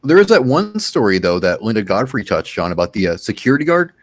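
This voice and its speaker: A man's voice: on the low side, very animated, fast talker, dry recording. A man co-hosting a casual podcast, retelling stories with dry humor.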